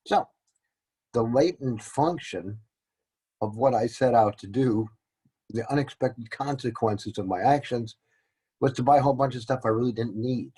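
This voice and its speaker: A man's voice: mid-range voice, a little mellow, husky, low-quality recording. A man teaching a casual lesson, rambling and joking at his own expense. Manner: rambling, joking and self-deprecating. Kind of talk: casual classroom-style lecture.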